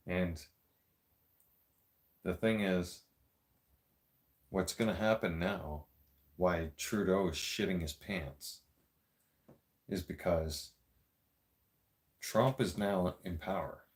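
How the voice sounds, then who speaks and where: Man, Toronto Canadian accent, vlog rant, profane, sarcastic, unhurried delivery. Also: deep voice. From Greater Toronto Area, Canada. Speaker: vlogger. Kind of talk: ranting monologue to camera.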